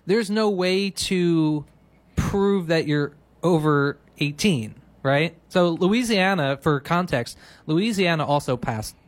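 A man co-hosting a casual comedy podcast, chatty and loose, often laughing while he explains things. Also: on the high side. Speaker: podcast co-host.

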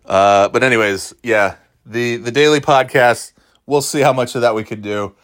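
A man's voice: mid-range voice, moderate pace, fairly bright tone, dry recording, studio quality. A man hosting his own podcast solo, talking loosely and offhand with chuckling asides. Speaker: podcast host.

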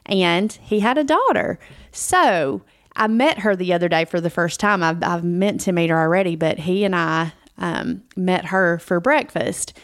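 A woman's voice: fairly low pitch, unhurried, no echo, studio quality. A woman co-hosting a podcast, telling a personal story in casual chat with many restarts. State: close to tears. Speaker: podcast co-host.

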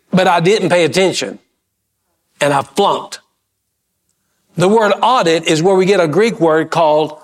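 A man's voice: high voice, a bit bright. A middle-aged man preaching a sermon, building emphasis and asking the congregation questions, with folksy asides and repeated words. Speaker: pastor.

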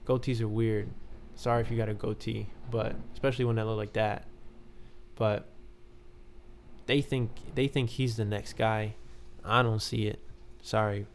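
A man's voice: fairly low pitch, level tone, normal speed, slight background noise. A man talking casually and rambling as a podcast host, full of fillers and loose asides. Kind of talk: casual wrestling commentary.

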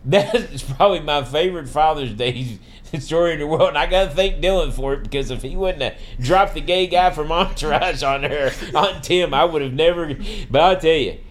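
A man's voice: a little high, normal speed, slight background noise. A man telling a funny story in a casual podcast chat, laughing often. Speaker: podcast guest.

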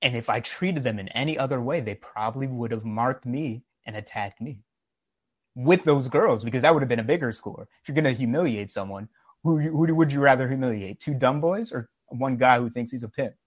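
A man with a mid-range voice talks fairly quickly on a lo-fi recording with no room sound. Co-hosting a casual podcast, he tells anecdotes with emphatic, preachy conviction, quoting dialogue as he goes.

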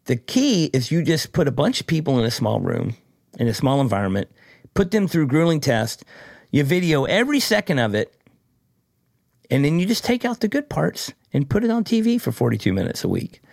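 A man who judges a tattoo competition, telling a story in casual chat, blunt and profane, with animated, mocking asides. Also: fairly high pitch, a little fast, gravelly, no echo, studio quality.

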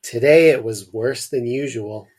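A man's voice: medium pitch, unhurried, a little mellow, breathy edge. A young adult man hosting a podcast, chatting casually and then reading a short story aloud with dry humor. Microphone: remote call mic.

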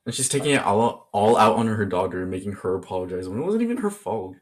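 Woman cohost w a really deep voice, bouncy intonation, gasps and jokes along. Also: very animated, fast talker, a little mellow. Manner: reacts with gasps and short exclamations, joking asides. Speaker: podcast co-host. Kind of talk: casual chat.

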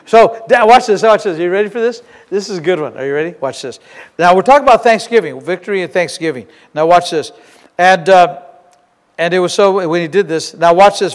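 A man preaching a sermon as pastor, telling a story in an animated way that swings between loud and hushed. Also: sits high. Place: church sanctuary. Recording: long church reverb. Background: congregation shouting.

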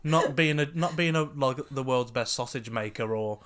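A man's voice: medium pitch, normal speed, a bit bright. A man who performs in drag, co-hosting a podcast in casual, joking chat. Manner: chatty, joking, laughs often.

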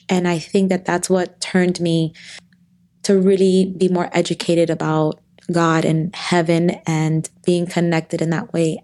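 A woman's voice: on the low side, darkish tone. A woman in her thirties, a podcast guest speaking earnestly and openly in a heartfelt conversation, often restarting her sentences.

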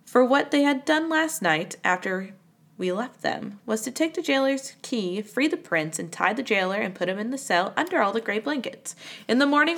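A woman reading a children's storybook aloud with an expressive delivery. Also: on the high side, creaky. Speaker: reader.

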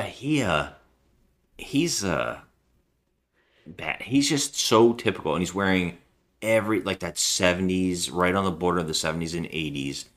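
Deep-voiced chatty man co-hosting. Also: fairly bright tone. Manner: chatty, rambling, jokey impressions. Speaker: podcast co-host. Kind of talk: casual chat reviewing a movie.

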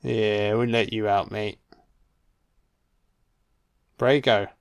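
A man voicing a rugged warrior king who softly coaxes a horse. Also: mid-range voice, steady tone, takes it slowly, clear, resonant tone, dry recording. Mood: coaxing. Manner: soft, coaxing. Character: rugged king soothing a horse, low and gentle.

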